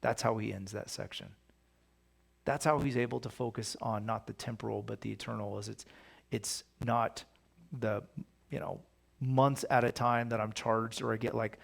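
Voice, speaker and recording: Man, pastor, gravelly voice, casual Bible study talk, conversational, rhetorical questions. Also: lowish voice, fairly even intonation, moderate pace.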